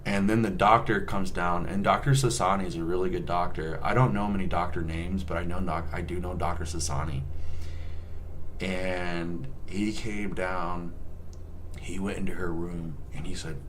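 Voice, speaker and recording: A male nurse telling a work story in a casual, animated way, joking and swearing often. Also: low voice, normal speed, slight background noise.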